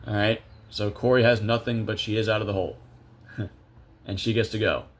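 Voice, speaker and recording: A man's voice: on the low side, fairly even intonation, brisk, a little hiss or hum. A young man commentating a video game casually, chatty and self-amused, thinking aloud with lots of fillers. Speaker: gameplay video creator.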